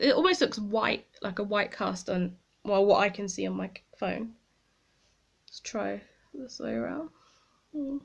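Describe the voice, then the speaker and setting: A woman's voice: a little high, gravelly. A woman chatting casually to camera as a beauty vlogger, rambling and commenting on herself as she tries products. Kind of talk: casual makeup review to camera.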